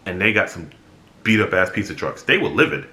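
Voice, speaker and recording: A young man talking straight to his viewers, telling a story in a blunt, animated way and swearing freely. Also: fairly low pitch, fairly quick. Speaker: vlogger. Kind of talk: casual storytelling monologue. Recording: echoey room.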